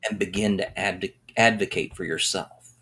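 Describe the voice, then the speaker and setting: Very low, husky, slow-talking woman. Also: fairly even intonation, a bit bright. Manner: brief agreeing responses. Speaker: podcast co-host. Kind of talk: casual chat.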